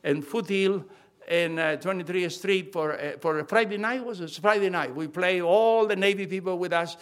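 An older man with a high-pitched voice delivers a sermon. He preaches with emphasis, hammers home key phrases, and often stops to restart his sentences. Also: normal speed, a bit bright.

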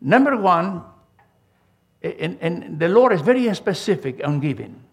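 Older preacher man, gravelly and animated. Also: sits high, unhurried. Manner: emphatic preaching with a storytelling style, frequent restarts. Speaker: pastor. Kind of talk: sermon.

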